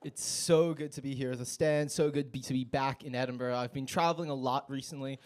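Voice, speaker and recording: A man's voice: medium pitch, steady tone, fairly quick, a little mellow, a little hiss or hum. A young American man performing a stand-up set in a comedy club, with a wry, self-mocking delivery.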